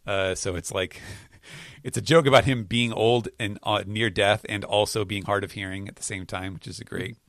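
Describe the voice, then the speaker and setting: A man chats on a podcast in a fairly low voice, pausing often and restarting his sentences as he explains. The sound is dry and close, with no room around it. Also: steady tone, fairly bright tone, dry recording. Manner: hesitant, many fillers and restarts while explaining. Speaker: podcast host. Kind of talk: casual chat recapping comics.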